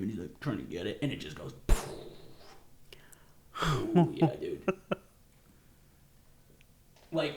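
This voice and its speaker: A man hosting a podcast in loose, profane chat, drifting off-topic and laughing along. His voice sits at an ordinary middle pitch for a man. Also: reverberant. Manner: rambling, profane, laughing often. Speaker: podcast host. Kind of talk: casual chat.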